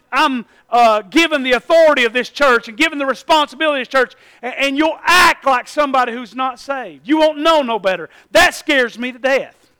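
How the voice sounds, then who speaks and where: A middle-aged man from Tennessee, preaching a sermon as pastor, building from quiet talk to loud, emphatic calls. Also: very high-pitched.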